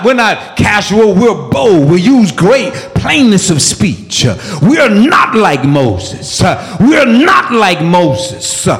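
A man preaching a sermon with fervor, shouting, peppering his lines with "uh" and exclamations of praise. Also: high-pitched. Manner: fervent, shouting, with frequent "uh" and "woo, Jesus" exclamations. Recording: echoey hall.

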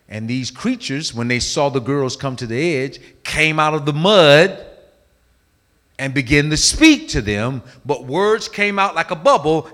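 A male preacher delivering a sermon with a bright, forceful voice. His pitch leaps around with animated energy, and his delivery moves between hushed, drawn-out phrases and loud, driving ones. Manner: dramatic storytelling, swinging between hushed and loud.

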